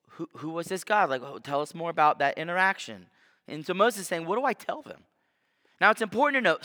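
A man's voice: on the high side, pushed and bright. A man preaching a sermon as pastor in a conversational style, now and then acting out quoted voices. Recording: long reverb of a church hall.

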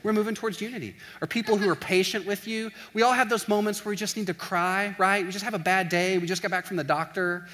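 Bright-voiced man giving a casual sermon. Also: sits high, quick pace, few pauses, long reverb tail. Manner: animated, acts out little scenes in quoted voices, says "like" often. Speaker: college pastor.

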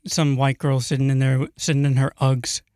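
A man's voice: mid-range voice, flat delivery, moderate pace, a little mellow, smooth, no room sound, clean studio sound. A man co-hosting a podcast, chiming in with wisecracks during casual banter. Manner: wisecracking interjections. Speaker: podcast co-host.

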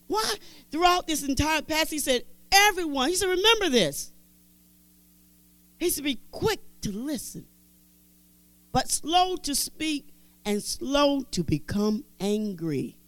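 A high-voiced woman Bible teacher preaches slowly in a sing-song way, her pitch swinging widely as she drives each point home and pausing often. She repeats scripture phrases with emphasis and slips into casual, conversational asides. The sound is dry and close, with no room sound.

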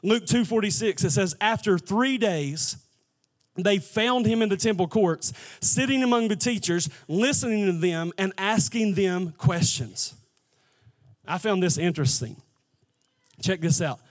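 High-voiced preaching man. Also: expressive, a little slow. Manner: builds to impassioned shouting, repetitive preaching cadence. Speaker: pastor. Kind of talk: sermon.

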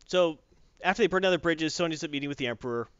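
A man's voice: fairly high pitch, clear, resonant tone, dry recording. A man casually retelling a story, acting out the characters' lines as he goes, on a dry lo-fi recording. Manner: animated, acts out characters' lines in quick voices. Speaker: storyteller recapping a show. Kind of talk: casual retelling with acted quotes.

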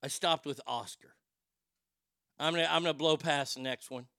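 Creaky, bright-voiced ranting man. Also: on the high side, fairly even intonation, normal speed, dry recording, studio quality. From Texas. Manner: ranting, profane, mock outrage with loud outbursts. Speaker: radio show host. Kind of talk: comedic rant.

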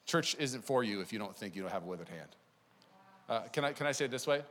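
A man preaching a sermon as pastor, conversational and energetic, telling stories to the congregation. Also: lowish voice, quick pace. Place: church sanctuary. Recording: long church hall reverb.

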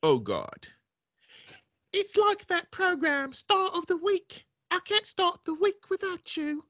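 A gushing, adoring posh woman, as a woman puts her on, lifting into a high, sing-song voice. Her pitch swoops up and down. The recording sounds dry and slightly dull. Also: wildly swooping pitch, slow pace, fairly bright tone, no room sound, full character voice.

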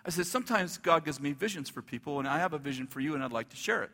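A male pastor telling a story in a sermon, animated, acting out the dialogue and laughing as he goes. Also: a little high, very fast, in a large hall.

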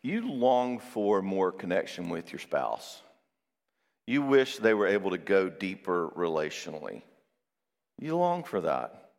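Man, fairly low voice, seminar speaker, conversational, storytelling, long hall reverb. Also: measured pace, creaky. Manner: conversational, tags points with "all right?" and "okay?"; lively personal storytelling. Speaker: Christian marriage seminar speaker. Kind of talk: live seminar talk to an audience.

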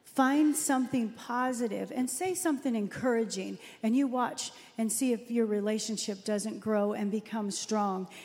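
Woman, 50s, co-host; chatty storyteller, slightly high voice, long reverb. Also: a little mellow. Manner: chatty, storytelling, quick to laugh. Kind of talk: faith-based relationship talk.

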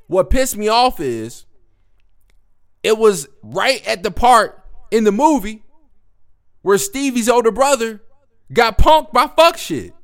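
Young man, podcast host, casual profane storytelling, lively swooping voice, fairly high pitch. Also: clear, resonant tone. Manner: profane, animated, slangy storytelling.

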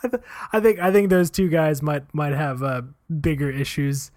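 A man's voice: on the high side, normal speed, darkish tone. A man co-hosting a podcast, reacting in a laid-back, amused way in casual chat. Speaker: podcast co-host.

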